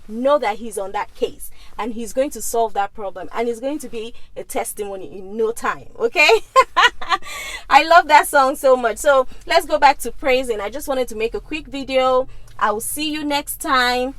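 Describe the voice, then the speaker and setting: A woman's voice: on the high side, big pitch swings, normal speed, fairly bright tone, poor audio. A woman in her thirties from Nigeria, who also speaks Igbo, talks to her viewers in a chatty vlog and keeps checking in with "okay?". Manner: chatty, often asks okay?. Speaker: vlogger. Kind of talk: casual talk to camera.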